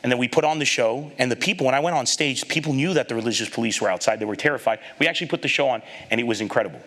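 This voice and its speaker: A comedian giving an animated storytelling talk, acting out the people in his anecdotes and laughing at his own lines. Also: mid-range voice, rapid-fire.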